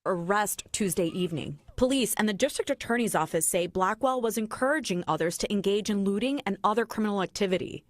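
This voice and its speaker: A woman news reporter reading a scripted report in a measured, formal way. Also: mid-range voice, expressive, no echo, clean studio sound.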